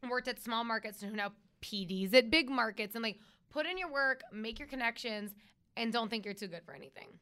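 Bright, animated woman radio host. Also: fairly high pitch, a little fast. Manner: lively, emphatic, animated storytelling. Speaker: radio host, podcast guest. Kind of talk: casual interview talk.

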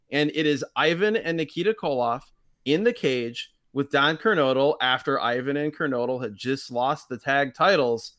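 A man co-hosting a casual chat podcast, his voice sitting a little higher than most. He talks wryly and drops dry asides, now and then quoting lines in a mock voice. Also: a bit bright. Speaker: podcast host. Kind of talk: casual chat reviewing old wrestling.

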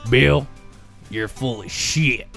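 A man's voice: medium pitch, takes it slowly, creaky, fairly bright tone, soft background music. A man voicing a hotheaded, jealous cowboy husband who grumbles and swears. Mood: angry. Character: angry jealous cowboy husband, male adult.

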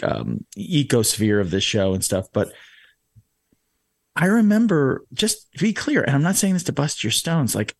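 Animated man hosting a comedy chat. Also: medium pitch, husky, dry recording. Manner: animated, laughing storyteller. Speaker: podcast host. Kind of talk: casual storytelling chat.

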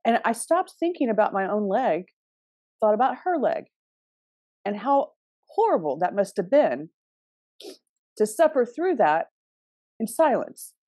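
A woman's voice: a little high, sing-song, measured pace, pauses often, a little mellow, dry recording, studio quality. A middle-aged woman hosting a casual astrology talk, chatty, restarting often and laughing now and then. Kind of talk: casual spoken advice.

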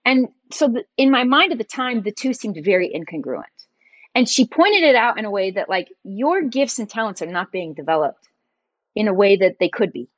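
Lively woman guest telling her story. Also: mid-range voice, normal speed, no room sound, muffled recording. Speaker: podcast guest. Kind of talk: conversational storytelling.

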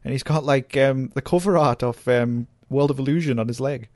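A man's voice: medium pitch, fairly quick, a little mellow, no echo, clean studio sound. A man co-hosting a podcast, telling stories in chatty casual talk. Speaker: podcast co-host. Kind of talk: casual chat.

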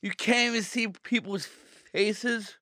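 A man's voice: high-pitched, steady tone, slow, pushed and bright, no echo. A man from Canada, a guest comedian, joking dryly in casual chat. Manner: dry, joking.

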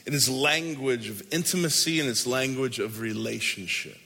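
Bright-voiced man preaching in a reverberant hall. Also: mid-range voice, creaky, husky. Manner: conversational, emphatic, shifts between quick asides and slow stressed phrases. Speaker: pastor. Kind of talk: sermon.

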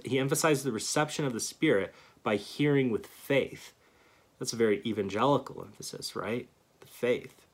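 A man giving an earnest theology lecture, stressing key words and pausing to restart phrases. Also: medium pitch. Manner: earnest, emphatic, reads scripture aloud with pauses and restarts. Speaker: Christian teacher.

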